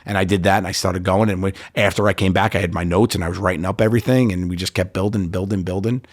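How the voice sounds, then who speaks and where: A middle-aged comedian guest in a casual podcast interview, animated and storytelling, quoting himself and others. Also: male voice, sits low, fast, no echo, clean studio sound. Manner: animated storyteller, quotes himself and others, frequent "like" and "you know".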